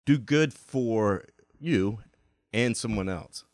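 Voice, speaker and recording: A man's voice: fairly low pitch, animated, slow, darkish tone, dry recording, clean studio sound. A middle-aged man from Virginia, chatting as a podcast guest, rambling with many fillers and restarts. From Virginia, USA. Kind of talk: casual chat.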